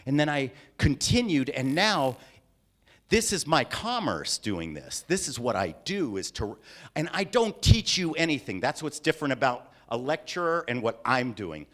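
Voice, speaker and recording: Animated theatrical man giving a talk. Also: mid-range voice, moderate pace. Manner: theatrical, animated, acts out voices and scenes. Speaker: creativity workshop speaker. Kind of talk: live interactive talk to an audience. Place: lecture hall with audience.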